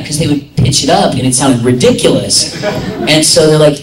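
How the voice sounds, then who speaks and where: A man's voice: medium pitch, fairly quick, far from the mic, slight background noise. A man answering audience questions at a convention panel, rambling and chatty, with lots of filler words. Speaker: convention guest voice actor. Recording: echoey hall, recorded from afar.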